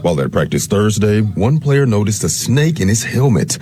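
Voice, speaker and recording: A man reporting local news in a polished, measured way. His voice is deep and mellow with some husk and lively pitch. The sound is dry and close. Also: breathy edge, no echo.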